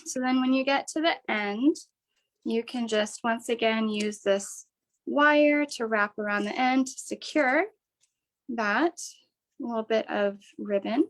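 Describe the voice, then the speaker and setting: A woman's voice: on the high side, a little slow, poor audio. A woman hosting a live online craft workshop, chatty, upbeat and encouraging as she walks people through each step. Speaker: workshop host.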